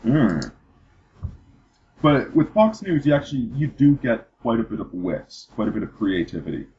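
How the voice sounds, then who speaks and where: A man's voice: mid-range voice, big pitch swings, moderate pace, warm tone, a little hiss or hum. A man hosting a casual political chat, rambling and restarting his sentences with repeated words. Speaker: podcast host. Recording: dull lo-fi podcast audio.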